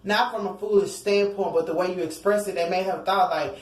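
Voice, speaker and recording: A woman's voice: mid-range voice, fairly even intonation, a little fast. Chatty woman reading tarot, roomy echo. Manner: chatty, slangy, acts out quotes, sings snatches of songs. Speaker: tarot reader.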